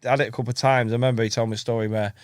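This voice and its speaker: A man spins a long, rambling story as a podcast guest, jumping into the voices of the people he quotes. His voice sits at an ordinary pitch for a man, and the recording is dry and close with no room around it. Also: flat delivery, rapid-fire, no echo. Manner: rambling storyteller who acts out quotes and laughs often. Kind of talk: casual chat.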